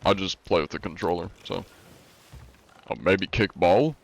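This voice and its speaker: Chill american guy streaming, real low voice, rambling and easygoing with lots of likes and ums. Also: measured pace, gravelly. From United States. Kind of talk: casual live-stream chat reading viewer comments.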